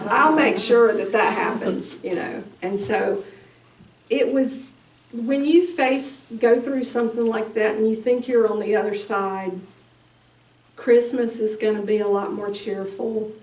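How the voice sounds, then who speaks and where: Slow, halting woman in an echoey room. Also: fairly high pitch. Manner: slow, halting, emotional storytelling. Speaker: bereaved mother speaking at a conference. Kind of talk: personal testimony. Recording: echoey room, distant mic.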